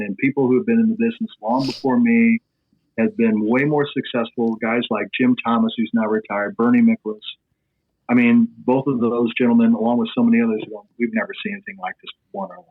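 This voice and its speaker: A middle-aged man with a Midwestern American accent, a sports broadcaster telling an animated anecdote on a podcast, tossing in fillers as he goes. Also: medium pitch, brisk. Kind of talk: podcast storytelling. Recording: tinny phone-like line.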